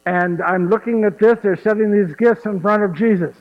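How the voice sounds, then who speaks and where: A man's voice: high-pitched, moderate pace, lightly acted. An actor playing Saint Joseph as a humble, wonder-struck father, telling the story in first person and chuckling as he turns to the audience. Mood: awed. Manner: chuckles warmly at his own story, asks the audience directly. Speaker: actor in a one-man stage show. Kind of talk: first-person dramatic monologue. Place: church. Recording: echoey church, dull muffled sound.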